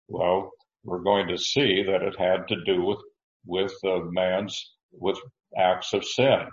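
A man teaching through a Bible passage verse by verse, speaking haltingly with frequent restarts and clearing his throat. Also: sits low, roomy sound, muffled recording. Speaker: preacher.

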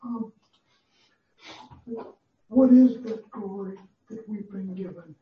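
Class member, halting question, slow, far from the mic, roomy and dull sound. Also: mid-range voice. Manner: hesitant, halting. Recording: distant, roomy, muffled, faint noise.

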